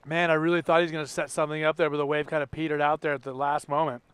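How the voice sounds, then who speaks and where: Guy doing live play-by-play, high voice, real smooth and clear, gets excited on big moves. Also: rapid-fire. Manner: energetic, exclamatory play-by-play. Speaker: contest commentator.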